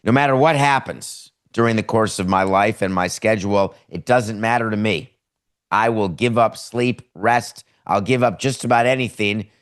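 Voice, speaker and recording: A middle-aged man with a somewhat low voice hosts a live daily talk show. He talks in a rambling, emphatic way, breaking off to correct himself before pressing on. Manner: rambling, self-interrupting and emphatic. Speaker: podcast host.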